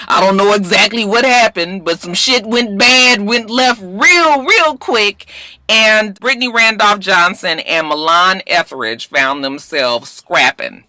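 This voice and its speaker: A woman hosting a celebrity gossip show, talking bluntly and casually with plenty of slang and swearing, moving from somber news to excited retelling. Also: medium pitch, slow pace.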